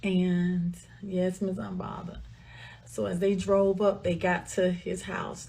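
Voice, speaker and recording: A woman's voice: fairly low pitch, little pitch movement, vocal fry, mellow. Woman telling a steamy story. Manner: dramatic, drawn-out retelling with quoted dialogue, dropping to a murmur for characters. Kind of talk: casual storytime narration.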